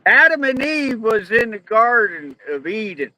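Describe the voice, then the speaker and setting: A man telling a long joke in an earnest, deadpan drawl. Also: high-pitched, unhurried, rough recording.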